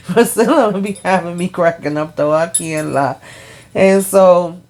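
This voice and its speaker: A woman's voice: fairly low pitch, unhurried, darkish tone. A woman casually recapping a TV episode, chatty and full of fillers, retelling scenes line by line. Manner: forgetful of names, laughs at herself. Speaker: TV recap vlogger.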